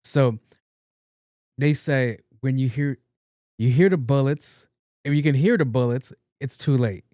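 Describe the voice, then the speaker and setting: A man's voice: mid-range voice, a little slow, warm tone, no room sound, clean studio sound. A man hosting his own podcast in a casual, rambling, profane monologue, often repeating words playfully. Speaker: podcast host.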